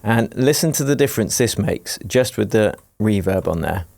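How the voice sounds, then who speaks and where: A man teaching music production in a screen-recorded tutorial, explaining each step in a relaxed, jokey way. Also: on the low side, normal speed, vocal fry, no room sound. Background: faint dance music playing from his project.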